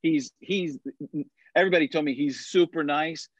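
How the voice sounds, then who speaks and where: A man's voice: on the high side, normal speed, no echo. A middle-aged man telling a long story in casual chat, with many restarts and fillers. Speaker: podcast guest. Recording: dull, lo-fi sound.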